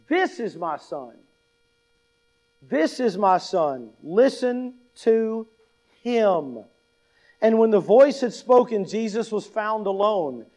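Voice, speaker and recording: A man's voice: high-pitched, darkish tone, rough recording. A pastor preaching a sermon in an emphatic way, repeating key lines and asking his listeners questions.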